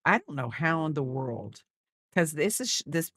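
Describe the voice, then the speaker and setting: A woman's voice: low-pitched, sing-song, moderate pace, fairly bright tone, breathy edge, no room sound, clean studio sound. A woman crochet streamer chatting casually as she works, teasing and doting on her dog and rambling through half-finished sentences. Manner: rambling with restarts. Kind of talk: casual chat while crocheting.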